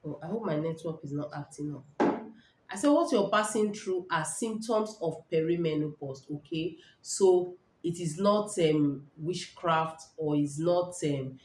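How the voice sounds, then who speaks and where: A woman's voice: lowish voice, normal speed. A middle-aged Nigerian woman hosting a casual health talk, repeating points emphatically and checking in with "all right?". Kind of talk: casual live talk to viewers. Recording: echoey room.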